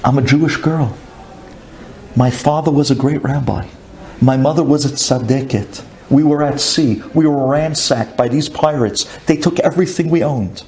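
A man's voice: mid-range voice, normal speed, a little mellow, slight background noise, lightly acted. A man voicing a frightened young captive girl who pleads through tears.

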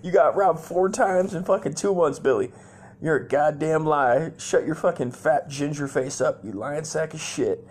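A man voicing an angry, foul-mouthed mother who yells and curses at her lying husband. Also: fairly high pitch, normal speed, voice pushed up, natural voice. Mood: furious. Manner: shouting and cursing.

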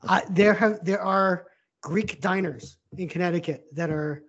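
A man co-hosting a casual sports podcast, animated and blunt, laughing often as he talks. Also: high voice, measured pace, breathy edge. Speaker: podcast co-host. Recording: dull lo-fi sound.

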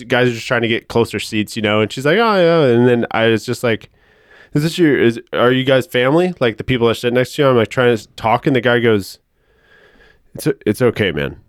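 A man co-hosting a casual podcast, telling a rambling, profane story and doing the voices of the people in it. His voice sits at a middle pitch, and the sound is dry and close. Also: clear, resonant tone, no echo. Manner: rambling storyteller, swears a lot, acts out the people in his stories. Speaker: podcast co-host. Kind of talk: casual chat.

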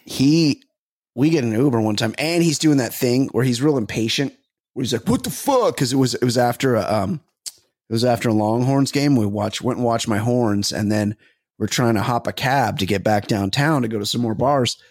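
A man's voice: mid-range voice, moderate pace, darkish tone, no room sound, studio quality. A man co-hosting a comedy podcast, telling rambling, profane stories full of restarts in casual chat. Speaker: podcast co-host.

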